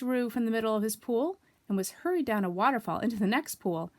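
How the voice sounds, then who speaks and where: Expressive woman reading a children's story. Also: on the high side, fast, dry recording. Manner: expressive, with asides to young listeners. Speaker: storybook reader.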